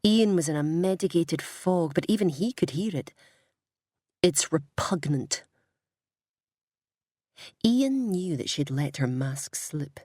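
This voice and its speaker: Woman reading a story, low husky voice, dead dry sound. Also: normal speed, hardly any pauses, dark tone, no echo. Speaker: audiobook reader. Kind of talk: storybook narration.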